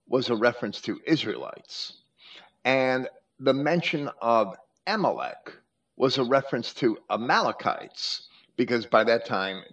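A man hosting a scripture study, explaining at length in a deliberate way with frequent hesitations and restarts. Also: mid-range voice. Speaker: host. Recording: muffled lo-fi recording.

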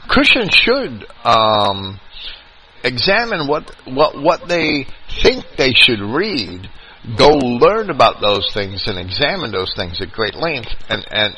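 A man with a New York accent hosting a call-in radio show, talking in a halting way and often repeating his words. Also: mid-range voice, bright, forceful tone, slight background noise, low-quality recording. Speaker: radio host.

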